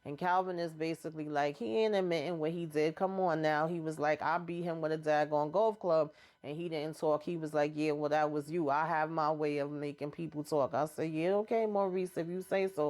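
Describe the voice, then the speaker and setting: A woman's voice: low voice, fairly even intonation, fairly quick, darkish tone. A woman hosting her own channel, casually recapping a TV episode and acting out the characters' lines in slangy quoted dialogue. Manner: retells scenes in quoted dialogue, slangy and chatty.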